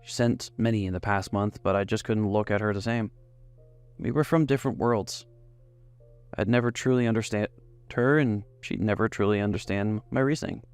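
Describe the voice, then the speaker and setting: A man's voice: on the low side, moderate pace, darkish tone, smooth, soft background music. A man narrating a first-person romance story in an emotive reading style.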